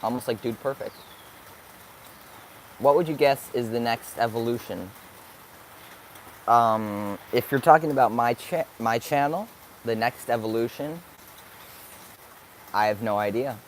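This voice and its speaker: A man's voice: mid-range voice, unhurried, long pauses, a little hiss or hum. A young man in his late teens answering viewer questions on a live stream, upbeat and thinking aloud as he searches for words. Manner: upbeat, sometimes hyper. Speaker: vlogger.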